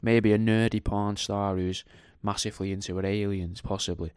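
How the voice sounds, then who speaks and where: A man's voice: lowish voice, level tone, normal speed, darkish tone, clear, resonant tone, no echo, clean studio sound. A man hosting a podcast, talking casually in a rambling, jokey, sweary way. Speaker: podcast host. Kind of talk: casual monologue.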